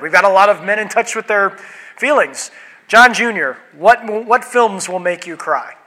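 A man's voice: fairly high pitch, sharp tone, rough recording. A man in his thirties preaching a sermon in a church, chatting playfully with the congregation. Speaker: pastor. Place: church sanctuary.

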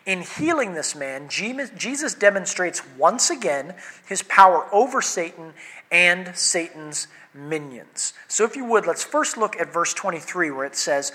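Male pastor, fairly high-pitched, sharp and forceful tone, earnest Bible teaching. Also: very animated, unhurried. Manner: earnest, emphatic teaching with pointed questions. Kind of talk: sermon with scripture reading and prayer.

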